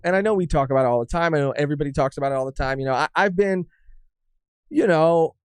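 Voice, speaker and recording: A young man co-hosting a podcast in casual chat, rambling and halting with frequent restarts. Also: on the high side, darkish tone, smooth, dry recording, clean studio sound. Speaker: podcast co-host.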